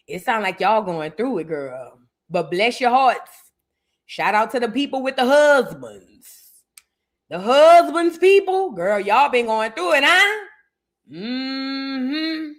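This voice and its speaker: Bright-voiced, animated woman commentator. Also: a little high. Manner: animated, playful, dramatic, breaks into singing. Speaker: host of a reaction show. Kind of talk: casual commentary.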